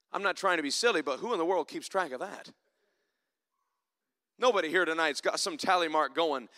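High bright-voiced pastor preaching in church, gets loud then goes real soft. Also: male voice. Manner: rises to loud emphatic preaching then drops to soft reflective asides. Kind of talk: sermon.

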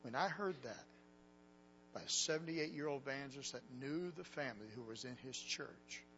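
A man's voice: medium pitch, moderate pace, fairly bright tone, lo-fi sound, a little hiss or hum. A man preaching a sermon to young people, telling a story earnestly and with emotion. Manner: earnest and emotional, quoting others.

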